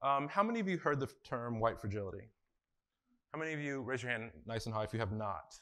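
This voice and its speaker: A man's voice: mid-range voice, lively intonation, fast talker, pushed and bright. A man facilitating a conference workshop, talking casually with many fillers and putting questions to the audience in a conference room.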